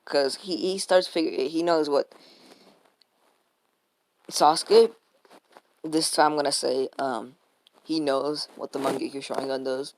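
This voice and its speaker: Gravelly, rambling young-sounding man. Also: fairly high pitch, fairly even intonation, a little slow, pauses often, slight background noise. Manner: rambling, swears freely, many fillers and restarts. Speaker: fan fiction storyteller. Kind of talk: casual unscripted story retelling.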